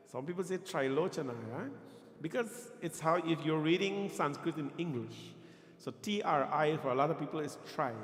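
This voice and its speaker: A man speaking as a pandit, teaching a sermon and coaching Sanskrit pronunciation while teasing his congregation. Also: a little high. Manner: playful, quizzes and teases the congregation. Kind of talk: temple sermon with teaching and chanting. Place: temple hall. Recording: echoey hall with music behind.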